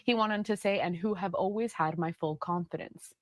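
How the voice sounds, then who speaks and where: A woman with a fairly low voice reads a news report in a steady, measured way. Her voice sounds dry and close, with no room around it. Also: no room sound.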